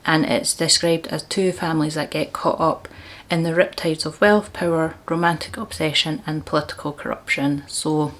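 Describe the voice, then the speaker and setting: A woman's voice: low voice, steady tone, moderate pace, hardly any pauses. A woman vlogging about books, chatty and enthusiastic, with frequent laughs. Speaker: book vlogger. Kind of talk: casual book chat.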